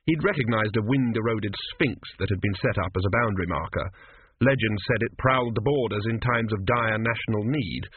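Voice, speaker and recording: Male audiobook narrator, wry and expressive, husky; thin dry audio. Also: on the low side, no room sound. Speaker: audiobook reader. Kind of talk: scripted narration. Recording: dry, tinny phone-like sound.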